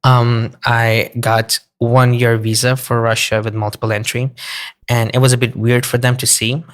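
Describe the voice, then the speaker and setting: A man telling a long travel story in a relaxed podcast chat, with many fillers. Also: medium pitch. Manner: flat, unhurried storytelling with fillers. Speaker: podcast guest. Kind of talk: casual storytelling.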